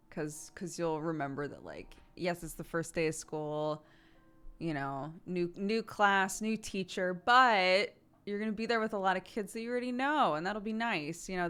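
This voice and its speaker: Woman, 30s, streamer, casual chat, rambling anecdote, fillers, lively pitch, sharp bright tone. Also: moderate pace, clear, resonant tone. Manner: rambling anecdote with many fillers and acted quotes.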